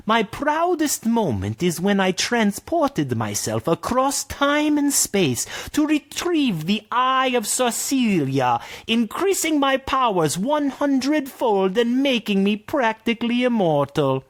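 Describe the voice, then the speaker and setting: Man doing a slow, vain mysterious sorceress. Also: very high voice, sing-song, pitched above the performer's own voice, full character voice. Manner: slow, breathy drawl, vain.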